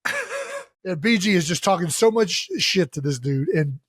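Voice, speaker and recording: A man in his thirties co-hosting a chat show, telling stories in an animated way and laughing through his lines. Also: fairly high pitch, moderate pace, husky, no room sound, studio quality. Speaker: co-host. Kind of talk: casual chat.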